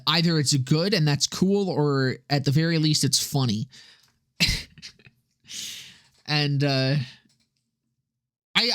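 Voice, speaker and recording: A man's voice: fairly high pitch, a bit bright, dry recording, clean studio sound. A young man streaming and chatting with viewers in a profane, rambling way, often laughing at his own jokes. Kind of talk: casual livestream chat with viewers.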